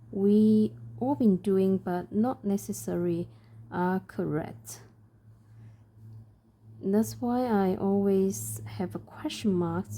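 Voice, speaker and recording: Woman, very dark mellow tone, slow, soft and hesitant. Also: medium pitch, slight background noise. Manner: soft, thoughtful, hesitant with many pauses. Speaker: parent and crafter. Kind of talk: reflective chat while stitching.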